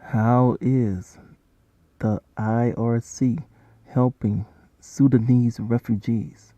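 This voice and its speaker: A man speaking as an aid organization's spokesperson, giving a measured, formal prepared statement. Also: medium pitch, steady tone, mellow, dry recording. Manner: measured, deliberate. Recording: dull, lo-fi played-back clip.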